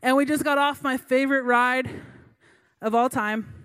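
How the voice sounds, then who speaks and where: High-voiced young woman preaching with jokes. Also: fairly even intonation, moderate pace, fairly bright tone, clean tone. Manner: chatty, self-mocking, laughs between lines. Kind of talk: humorous sermon storytelling.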